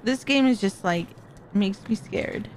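A woman's voice: mid-range voice, measured pace, heavy background noise. A woman streaming a horror game, talking to her viewers and exclaiming when startled. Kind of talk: live horror gameplay commentary. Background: loud music.

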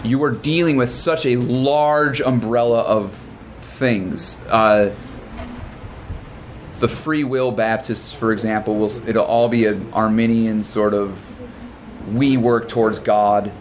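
Male pastor, casual Bible study teacher, mid-range voice, quick and informal with asides. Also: mid-range voice, steady tone, slight background noise. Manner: informal and fast, with restarts and joking asides.

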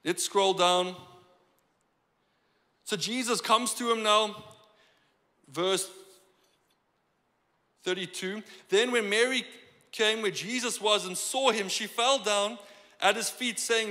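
Guy preaching in church, high bright voice, chatty and animated, big echoey hall. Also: takes it slowly, pauses often. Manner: conversational, animated preaching with acted-out quotes. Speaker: pastor. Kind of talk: sermon. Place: church sanctuary.

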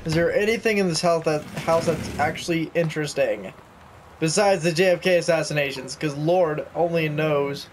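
A man's voice: on the high side, moderate pace, a little hiss or hum. A young man chatting and joking through a video game, reading notes aloud as he goes. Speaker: gaming YouTuber. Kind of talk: let's play commentary.

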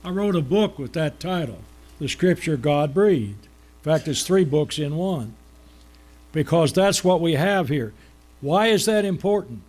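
A man preaching a sermon, asking questions and then answering them, slowing down to stress key words. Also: fairly high pitch, animated, darkish tone.

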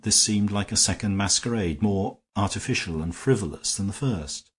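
A man giving a measured, steady audiobook narration. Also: deep voice, slightly rough. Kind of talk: scripted narration.

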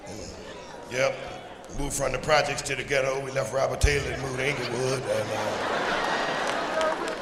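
Gravelly, profane stand-up man from Chicago. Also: mid-range voice, big pitch swings, a little slow, long pauses, a loud crowd. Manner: loud, profane, punchy delivery. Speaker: stand-up comedian. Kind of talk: live stand-up routine. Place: large live venue with audience. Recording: echoey hall with audience noise.

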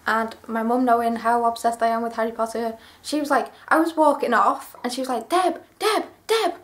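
A woman's voice: on the high side, little pitch movement, fairly quick. Gushing young woman vlogger. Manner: chatty, gushing, rambling. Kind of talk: clothing haul vlog.

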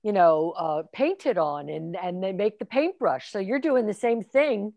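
A woman's voice: mid-range voice, expressive, a little slow, gravelly, dark tone, no echo, lo-fi sound. A woman film instructor speaking in casual conversation, reflective and encouraging.

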